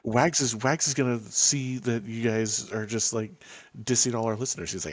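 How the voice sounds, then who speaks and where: A man's voice: medium pitch, normal speed. A man co-hosting a podcast, chatting casually in a teasing, mock-indignant way. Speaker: podcast co-host.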